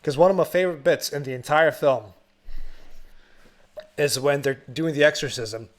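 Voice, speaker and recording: A man's voice: on the high side, normal speed. A man co-hosting a podcast, retelling a film in casual chat with laughs and swearing. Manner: animated, laughing storytelling, frequent swearing. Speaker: podcast co-host.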